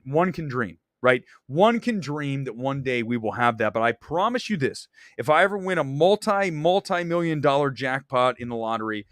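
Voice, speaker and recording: A man hosting a casual movie talk show, ranting with animated enthusiasm and some swearing. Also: medium pitch, no echo, clean studio sound. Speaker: show host. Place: Los Angeles area.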